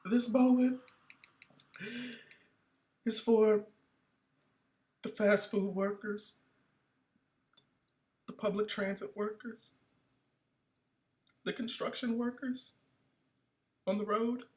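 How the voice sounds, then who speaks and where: A man imitates a weeping award-winner mid-speech, his voice pushed high and quavering. The delivery is grand, overwrought and full of pathos. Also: fairly even intonation, takes it slowly, long pauses, a little mellow. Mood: tearful. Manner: weepy, overwrought, rising pathos.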